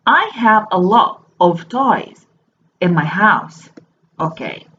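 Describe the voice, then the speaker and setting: A woman teaching a slow phonics lesson to young children. She spells each word out letter by letter and repeats it. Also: mid-range voice, animated, a bit bright. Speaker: primary school teacher. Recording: dull lo-fi recording with faint noise.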